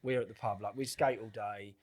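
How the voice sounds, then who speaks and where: A middle-aged man telling a story casually on a podcast, animated, swearing freely and acting out quoted lines. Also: lowish voice, fairly quick. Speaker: podcast guest.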